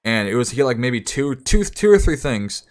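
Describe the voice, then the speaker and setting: A man's voice: mid-range voice, big pitch swings, normal speed. A young man streaming, telling a story in casual, rambling talk full of restarts, sometimes acting out other people in raised voices.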